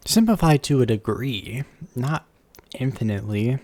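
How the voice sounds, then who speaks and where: Rambling streamer with a dark, gravelly voice. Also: male voice, mid-range voice, moderate pace. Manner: rambling, chatty, playful asides. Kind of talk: casual live-stream chat. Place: warm room at home. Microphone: desk microphone. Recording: slight background hum.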